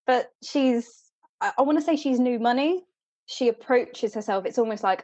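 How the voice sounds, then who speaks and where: A woman hosting a podcast in casual chat, laughing often and slipping into quick voices for characters. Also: a little high, no echo, highs cut off. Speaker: podcast host.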